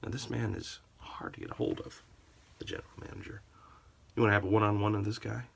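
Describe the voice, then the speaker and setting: A man's voice: on the low side, fairly even intonation, quick pace, creaky, a little hiss or hum. A man telling a comic story about a customer in a sarcastic, theatrical way. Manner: theatrical, sarcastic, wildly varied delivery.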